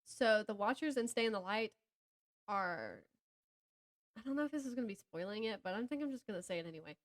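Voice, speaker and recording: A woman's voice: medium pitch, expressive, brisk. A woman with a Southern American accent co-hosting a casual book podcast, rambling and stopping herself mid-thought, laughing often. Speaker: podcast co-host. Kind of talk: casual chat about books.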